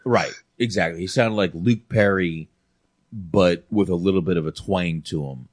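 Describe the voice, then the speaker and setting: A man from North Carolina talks through a film he loves in a loose, rambling way, full of restarts and fillers. His voice sits very low. The sound is dry, with no room around it. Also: normal speed, no echo. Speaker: podcast host. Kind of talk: casual movie review chat.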